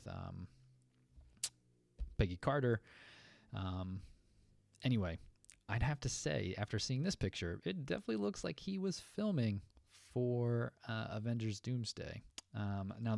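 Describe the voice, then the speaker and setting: A man's voice: sits low, gravelly, a little mellow, no room sound, studio quality. A man hosting a fan news show, chatting loosely with many fillers and asides, answering viewers from the chat. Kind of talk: casual commentary reading chat.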